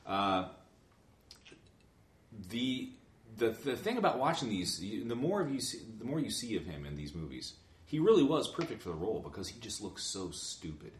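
A man's voice: fairly low pitch, sing-song, normal speed, echoey room, slight background noise. A man co-hosting a casual movie chat, joking crudely and restarting his sentences a lot. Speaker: podcast co-host.

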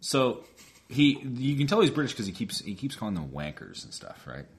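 A man's voice: medium pitch, moderate pace. A man co-hosting a podcast, chatting casually about a movie and acting out its lines with animation. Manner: animated, acts out lines from the film. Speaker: podcast co-host.

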